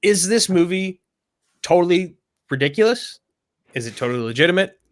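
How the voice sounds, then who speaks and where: A man co-hosting a casual movie podcast who talks in an animated way and sometimes breaks into loud impressions of movie lines. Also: high voice, moderate pace. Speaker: podcast co-host.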